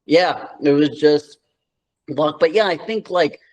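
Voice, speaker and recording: A man's voice: a little high, takes it slowly, a little mellow, highs cut off. A man in his thirties from New York, telling loose, slangy stories as an interview guest, with lots of filler words. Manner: loose, slangy storytelling full of "like". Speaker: guest, actor. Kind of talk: casual interview chat.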